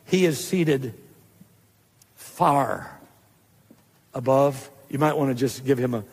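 A male pastor preaching a sermon to a live congregation, getting excited as he goes. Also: mid-range voice, slow, in a large hall, a little hiss or hum. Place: church hall.

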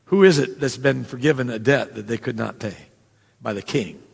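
A man's voice: mid-range voice, moderate pace, gravelly, slightly rough. A man preaching a sermon in a conversational way, with asides and quoted dialogue. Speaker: pastor. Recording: long hall reverb.

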